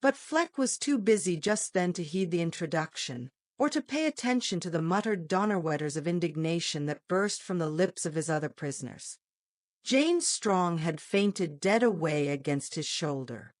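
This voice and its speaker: A woman narrates a novel in an expressive audiobook reading. Her voice sits somewhat low but moves widely. The sound is dry and close. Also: moderate pace, no echo. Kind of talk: scripted narration.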